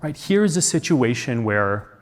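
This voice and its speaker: A man's voice: mid-range voice, sing-song, a little slow. A man from the United States telling a personal story on stage at a conference, earnest and reflective, with many rhetorical questions. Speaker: conference speaker. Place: large conference hall. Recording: long hall reverb.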